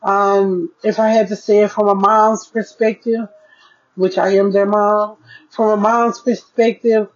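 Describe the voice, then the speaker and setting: A woman talking straight to her podcast listeners in a relaxed diary-style chat. She speaks frankly and keeps calling them "y'all". Her voice sits in a middle pitch, and the recording sounds dull and lo-fi. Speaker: podcast host.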